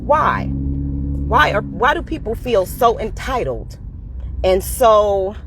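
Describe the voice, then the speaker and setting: A woman's voice: mid-range voice, huge pitch swings, slow pace, a little hiss or hum. A woman in her forties ranting to her phone camera, blunt and emphatic, swearing heavily and repeating her points. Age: 40s. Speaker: school cafeteria worker. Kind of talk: profane personal rant to camera.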